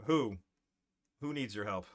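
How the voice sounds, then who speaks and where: A man's voice: lowish voice, measured pace, lightly acted. A man voicing a tiny, stern male forest guard who talks in clipped, broken phrases. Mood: suspicious.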